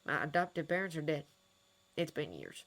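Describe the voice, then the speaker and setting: An earnest, wry male doctor who talks to a frightened boy with gentle teasing, as a woman reads him aloud. Her voice sits low for a woman and stays close to her own. It is an audiobook-style fan reading. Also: sing-song, moderate pace, exaggerated voice. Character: kind, wry adult male doctor and mentor.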